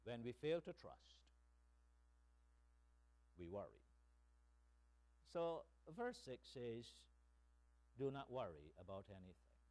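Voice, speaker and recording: A man preaching a sermon as pastor, slow and emphatic, tossing in rhetorical "hmm?" asides to the congregation. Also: mid-range voice, sing-song, a little mellow.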